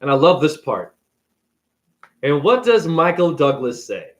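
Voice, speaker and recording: Animated, profane man ranting casually. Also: fairly high pitch, a little slow. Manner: profane, animated, acts out characters. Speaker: spiritual video creator. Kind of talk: casual rant retelling a movie.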